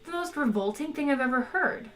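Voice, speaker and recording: A woman voicing a squeamish young man who protests in a high, strained voice. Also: animated, brisk. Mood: horrified. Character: squeamish young Englishman, horrified.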